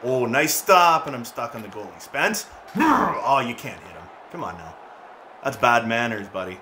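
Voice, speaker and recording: Man, casual gameplay commentary, excitable, teasing, animated pitch, bright voice. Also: moderate pace, slight background noise. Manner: excitable, mocking teammates, frequent laughs and shouts. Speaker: gaming YouTuber.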